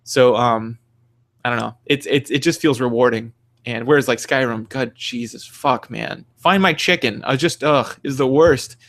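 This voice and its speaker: Animated, profane man ranting about games. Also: medium pitch, moderate pace. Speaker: podcast co-host. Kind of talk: casual gaming chat.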